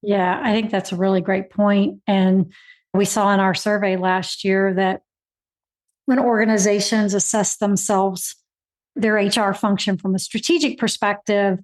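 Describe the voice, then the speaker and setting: A woman's voice: mid-range voice, little pitch movement, a little slow. A woman hosting a podcast interview, responding to her guest in an affirming, reflective way. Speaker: podcast host. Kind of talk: interview conversation.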